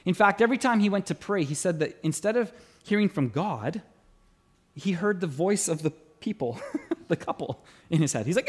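A middle-aged man preaches a sermon, his voice sitting high and swinging widely as he tells a story. He acts out the dialogue with animated shifts, playing every part himself. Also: fast. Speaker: pastor.

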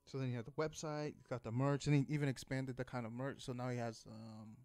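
A man's voice: mid-range voice, steady tone, brisk, a little mellow. A man talking casually on a podcast, telling a rambling story full of fillers, restarts and swearing. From Texas. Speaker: podcast host.

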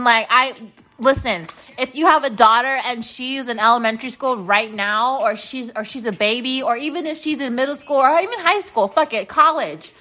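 A woman's voice: fairly high pitch, sharp tone, low-quality recording. A woman in her late twenties hosting a podcast, telling a personal story in a blunt, profane, heated rant. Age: late 20s. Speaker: podcast host.

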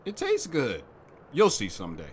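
A man playing a kindly butcher who jokes gently with a lost child. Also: medium pitch, wildly swooping pitch, moderate pace, slight background noise. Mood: teasing. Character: kindly middle-aged male butcher, playful and protective. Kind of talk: radio drama acting.

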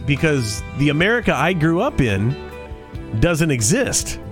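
A man's voice: a little high, very animated, measured pace, over music. A man co-hosting a podcast in casual chat, telling stories in a rambling, conversational way with frequent restarts. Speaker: podcast co-host.

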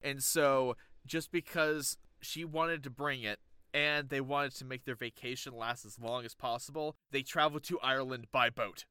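A man with a bright, crisp voice co-hosts a casual podcast chat, rambling a little and hunting for the right words as he pitches ideas. He is recorded close and dry. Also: fairly even intonation, normal speed, dry recording. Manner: rambling, searches for words, laughs easily. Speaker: podcast co-host.

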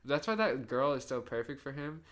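A man's voice: mid-range voice, expressive, moderate pace, fairly bright tone. A young man co-hosting a casual podcast chat, telling rambling, profane stories and laughing often. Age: young adult. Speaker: podcast co-host.

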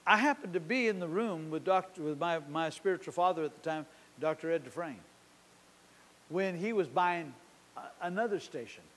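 A pastor with a high-pitched voice, preaching in a church. He tells a story and acts out its conversations, dropping his voice low and then rising loud. His voice rings with a long reverb in a big sanctuary. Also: expressive, moderate pace. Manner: storytelling, acting out dialogue with shifting loudness. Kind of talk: sermon.

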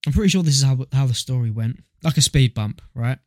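A man's voice: mid-range voice, expressive, fast, dry recording, studio quality. A young man co-hosting a podcast in casual chat, joking, swearing freely and telling stories with relish. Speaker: podcast co-host.

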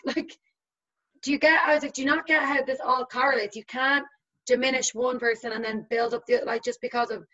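A woman's voice: fairly high pitch, fairly even intonation, normal speed, a bit bright. A young woman in her twenties talking casually as a guest, full of fillers. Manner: chatty, uses many fillers. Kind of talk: casual conversation. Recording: slightly dull lo-fi sound.

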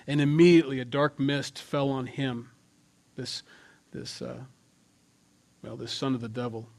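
A middle-aged male pastor preaching a sermon with emphatic bursts and quiet asides. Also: medium pitch, level tone, a little slow, creaky, long pauses. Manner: emphatic, swings from loud to hushed.

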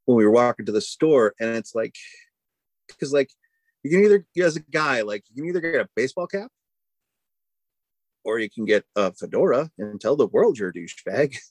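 Man, podcast co-host, casual rambling chat, lively pitch, dry close sound. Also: fairly quick, long pauses, no echo. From Boston area. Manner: rambling, lots of "like" and "you know".

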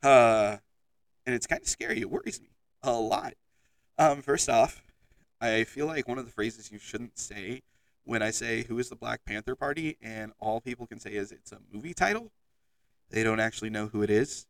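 Man, podcast host, chatty with many ums, mid pitch, a little distant from the headset mic. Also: lively intonation, normal speed, gravelly, no room sound. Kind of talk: casual podcast monologue. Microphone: headset microphone.

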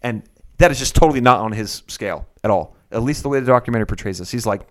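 A man's voice: medium pitch, fast talker. A man in casual chat, retelling a story animatedly and acting out the people he quotes. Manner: animated storyteller who acts out quotes in shifting voices.

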